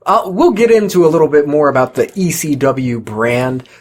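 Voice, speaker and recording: A man's voice: a little high, moderate pace. A young man co-hosting a casual podcast chat, upbeat and steering the talk. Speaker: podcast co-host.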